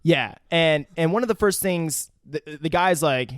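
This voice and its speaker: A young man co-hosting a podcast, recapping a movie in casual chat, crude and quick to laugh. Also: on the high side, no echo, clean studio sound. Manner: crude, laughing, swears freely. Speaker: podcast co-host.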